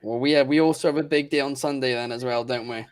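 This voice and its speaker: A man's voice: mid-range voice, fairly even intonation, fast, smooth. A man co-hosting a wrestling podcast, chatty and fond of ribbing the others. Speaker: podcast co-host. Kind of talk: casual chat.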